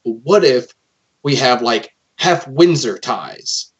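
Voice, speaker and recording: A man voicing a nervous male underling who pitches ideas to his boss in a stammering, hesitant way. The sound is dull and lo-fi. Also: expressive, slow, slightly rough.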